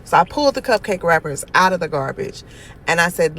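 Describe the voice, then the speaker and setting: A woman telling a story about her niece and nephew in a casual vlog, animated and exasperated, with sudden loud outbursts. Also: fairly low pitch, brisk, slight background noise, low-quality recording. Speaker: aunt telling a family story.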